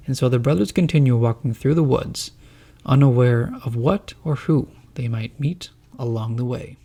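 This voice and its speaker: A man narrating a storybook in a measured, descriptive way. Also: medium pitch, husky. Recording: soft background music.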